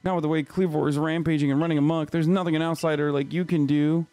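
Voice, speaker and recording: Solemn male warden read by a man, low measured voice, game dialogue read aloud. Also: fairly even intonation, dark tone, no room sound, close to an everyday voice.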